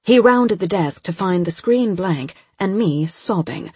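Breathy woman narrating an audiobook. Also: on the low side, lively intonation, measured pace, few pauses, darkish tone, no echo. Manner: tense, urgent storytelling. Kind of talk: first-person scripted narration.

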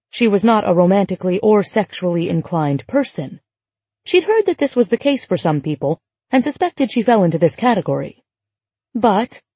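A woman narrating literary fiction as an audiobook, in a mellow, slightly husky voice. Her delivery is even and measured. The sound is dry and close to the mic. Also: mid-range voice, dry recording. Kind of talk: scripted narration.

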